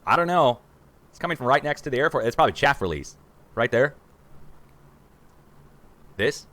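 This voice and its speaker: A man in his forties hosting a rambling livestream from a room at home, excitable and conspiratorial, talking to viewers as guys. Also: medium pitch, moderate pace. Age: 40s. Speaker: livestream host.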